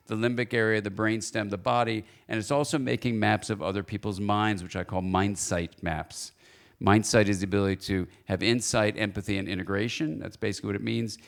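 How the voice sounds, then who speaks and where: A man speaking as a guest lecturer at a church forum, lively and playful, often asking the audience questions. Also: fairly low pitch, gravelly.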